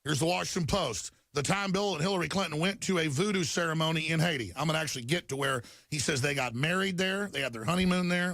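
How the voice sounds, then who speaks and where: A man hosts a talk show, ranting in an agitated rush and tripping over repeated words. His voice sits a little high and has a gravelly edge. The recording is dry and close. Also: fairly bright tone, dry recording. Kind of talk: talk radio monologue reading headlines.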